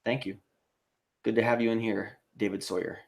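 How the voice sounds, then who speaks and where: A man's voice: lowish voice, little pitch movement, normal speed, vocal fry. Profane rambling American man streaming live. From United States. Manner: profane, rambling, laughs often, reads viewer comments aloud. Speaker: live stream host reading chat. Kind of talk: casual live stream chat.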